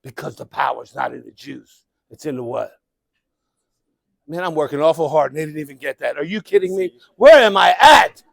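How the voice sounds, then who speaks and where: A middle-aged man giving a live motivational keynote speech, animated, calling out to the crowd and breaking into shouts. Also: a little high, normal speed, creaky, dry recording. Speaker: motivational speaker. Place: conference event room.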